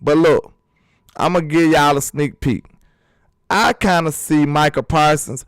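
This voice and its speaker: A man hosting a casual sports talk vlog, animated and emphatic, full of rhetorical questions. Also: fairly high pitch, a little slow, clear, resonant tone, no room sound. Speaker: sports channel host.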